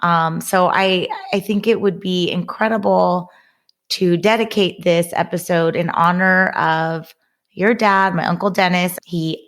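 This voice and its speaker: A woman hosting a podcast in an upbeat, encouraging, chatty way. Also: on the low side. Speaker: podcast host. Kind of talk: casual interview chat.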